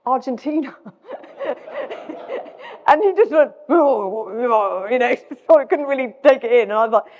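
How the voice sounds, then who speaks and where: A woman's voice: sits high, animated, moderate pace, pauses often, darkish tone. A middle-aged British woman with a British accent, giving a self-deprecating live talk as a guest speaker, often restarting her sentences. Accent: British English. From Britain. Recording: dull sound with long hall reverb.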